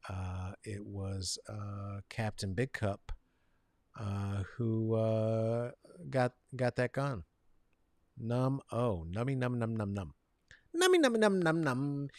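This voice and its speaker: A man hosting a comedic commentary show, rambling and sarcastic, swinging between mumbled asides and loud outbursts and talking to viewers by name. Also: lowish voice, no echo, clean studio sound. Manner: talks to chat viewers by name. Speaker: show host.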